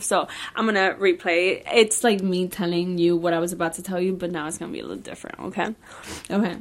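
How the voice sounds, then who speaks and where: A woman's voice: lowish voice, fairly even intonation, quick pace. A young woman hosting a faith podcast, talking casually and emotionally with lots of fillers and repeated phrases. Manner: emotional, filler-heavy, repeats "I just can't". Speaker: podcast host and lash artist. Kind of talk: casual faith-based personal chat.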